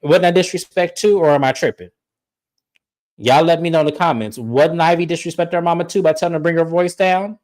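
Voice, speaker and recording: A woman's voice: fairly low pitch, fairly quick, darkish tone. A woman hosting a podcast, casually recapping a reality show in a blunt, swearing storytelling way. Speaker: podcast host.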